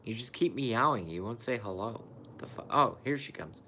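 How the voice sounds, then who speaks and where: A man's voice: medium pitch, animated, normal speed, sharp tone, slight background noise. A tired man who has been up all night, chatting casually and profanely on a live stream, rambling and talking to his cat and viewers.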